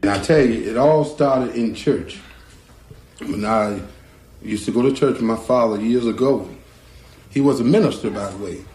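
A man, a guitarist telling a story from his childhood in a lively way and acting out the voices of people in it. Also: medium pitch, moderate pace, pauses often. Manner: lively storyteller who acts out quoted voices. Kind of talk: spoken storytelling. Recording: roomy with faint guitar behind.

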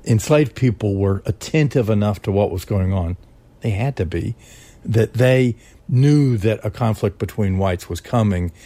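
Deep, mellow male historian. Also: unhurried. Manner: conversational, with hesitations and restarts. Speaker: historian and author. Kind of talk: interview commentary.

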